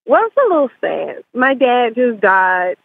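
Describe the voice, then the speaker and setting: A young woman calling in to a radio show, speaking softly and holding back tears. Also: on the high side, big pitch swings, a little slow, creaky, slightly rough, dry recording. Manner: fighting back tears, soft. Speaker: caller. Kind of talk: phone call to radio show. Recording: tinny phone line.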